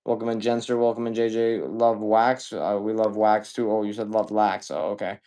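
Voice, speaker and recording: A man hosts a live-selling stream for video games in a dark, level voice on the low side. Profane and relaxed, he welcomes viewers in quick succession.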